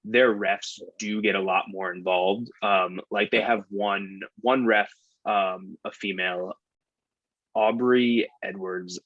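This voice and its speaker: Husky guy w a lowish voice rambling on a podcast, says like a ton, dull dry mic. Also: steady tone, slow pace, dry recording. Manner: rambling, heavy use of "like". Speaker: podcast co-host. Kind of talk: casual chat.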